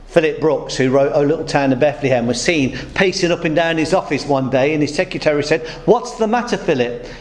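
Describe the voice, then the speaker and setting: A man's voice: a little high, fairly even intonation, a little fast, hardly any pauses. A man preaching a sermon, weaving humorous stories into his teaching. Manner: storytelling with humorous anecdotes. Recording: roomy echo.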